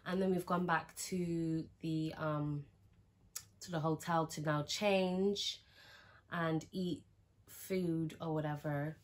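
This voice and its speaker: A woman's voice: low-pitched, fairly even intonation, slow pace. Chatty young woman telling a story. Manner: chatty, frank, swears freely, fillers like "like". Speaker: vlogger. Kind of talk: casual storytime chat.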